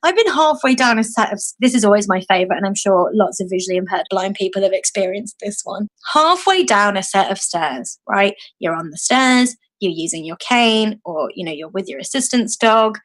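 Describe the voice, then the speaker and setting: A British woman in her thirties speaks as a guest on a podcast interview. She tells her stories in an animated way, jumping up in pitch to act out the people she quotes. Her voice sits in a middle register. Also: moderate pace. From United Kingdom. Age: 30s. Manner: animated storyteller, acting out quoted voices with big pitch jumps. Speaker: guest, activist.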